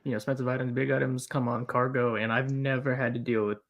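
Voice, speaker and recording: A man's voice: medium pitch, flat delivery, quick pace, a bit bright, highs cut off. A man co-hosting a collectors live stream, talking in a laid-back way with many fillers. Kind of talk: casual livestream chat.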